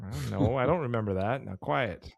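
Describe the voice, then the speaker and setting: A man's voice: mid-range voice, brisk, creaky, slightly rough, dry recording. A man co-hosting a podcast in loose, joking casual chat, with lots of fillers. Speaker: podcast co-host.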